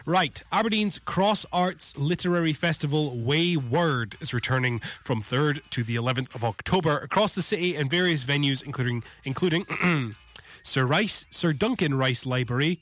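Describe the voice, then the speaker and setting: A man's voice: on the high side, expressive, moderate pace, fairly bright tone. A man hosting a community radio show from the studio, chatting casually and joking about himself between songs before reading local news. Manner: chatty and self-deprecating, yawning between links. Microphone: studio microphone.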